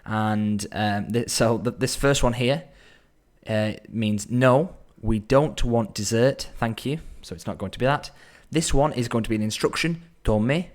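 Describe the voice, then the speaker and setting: A man teaching Spanish in a relaxed, explanatory way, slowing down to sound out phrases and thinking aloud as he goes. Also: medium pitch. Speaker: Spanish tutor. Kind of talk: explanatory language lesson.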